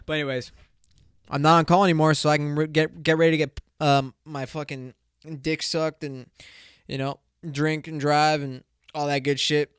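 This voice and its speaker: Young male solo podcaster, crude loose banter, smooth voice, dry recording. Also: fairly high pitch, moderate pace, dry recording. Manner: loose, crude, rambling banter with bursts of excitement. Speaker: podcast host. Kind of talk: casual solo podcast rant.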